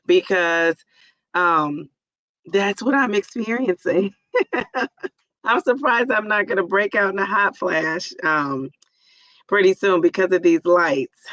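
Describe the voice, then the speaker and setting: A woman in her forties with a hoarse, raspy voice from a cold, yet bright and forceful in tone. She chats loosely on a live stream and greets viewers one by one. The sound is dry and a little dull. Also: medium pitch, no room sound. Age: 40s. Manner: chatty, greets viewers by name. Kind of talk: casual live-stream chat.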